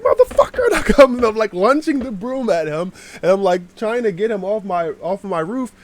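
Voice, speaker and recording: A man telling a casual, rambling storytime to his channel, slangy, with sudden shouted bits. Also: medium pitch, slight background noise. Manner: animated, swears, shouts out acted lines.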